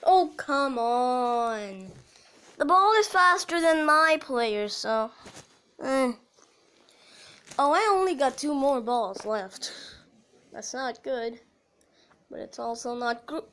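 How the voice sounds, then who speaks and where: Woman gamer, high and unhurried, excitable self-talk, casual play-by-play. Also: clean tone. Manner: excitable, talks to herself while playing, cheers at goals. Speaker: mobile game player. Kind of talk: casual gameplay commentary.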